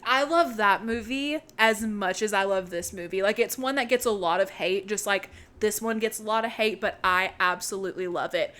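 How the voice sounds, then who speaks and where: A young woman co-hosting a podcast, excitedly retelling a movie's plot in casual chat and swearing freely. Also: medium pitch, normal speed, hardly any pauses. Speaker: podcast co-host.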